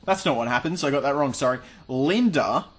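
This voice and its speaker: A man's voice: medium pitch, animated, a little fast, slightly rough. A young man co-hosting a podcast, casually retelling a TV episode in a dry, emphatic way. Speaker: podcast co-host.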